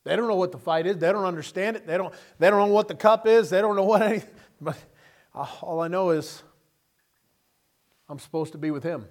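A man preaching a sermon, telling Bible stories with animated delivery and acting out the characters. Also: high-pitched, fairly quick, pauses often. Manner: animated storytelling, acting out scenes in character voices.

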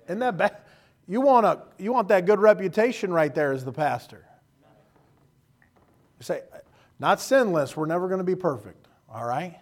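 A man's voice: sits high, animated, moderate pace, pauses often. A man preaching a sermon in a folksy, joking way, acting out quoted voices. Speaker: pastor.

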